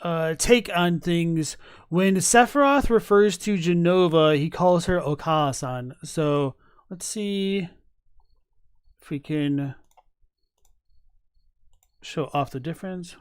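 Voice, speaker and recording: A man with a high, smooth voice talks casually as a streamer reacting to videos. He is chatty and rambling, with fillers, restarts and laughs. The sound is close and dry. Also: slow, long pauses, dry recording.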